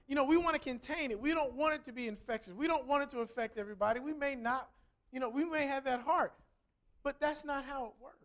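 A woman reading a Bible passage aloud and then explaining it in an earnest, conversational sermon with emphatic repetition. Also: high-pitched. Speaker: Bible teacher. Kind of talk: scripture reading and sermon commentary.

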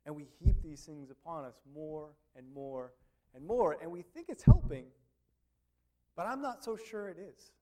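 Male pastor, sermon, casual delivery, fairly high voice, lots of "you know.". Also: moderate pace, mellow. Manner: conversational, with many fillers.

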